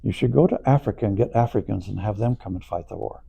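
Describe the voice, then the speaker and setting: A man telling a story in a casual, animated way, acting out quoted voices and chuckling along. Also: on the low side, quick pace, creaky, a little hiss or hum. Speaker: storyteller recalling past events. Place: auditorium, on stage.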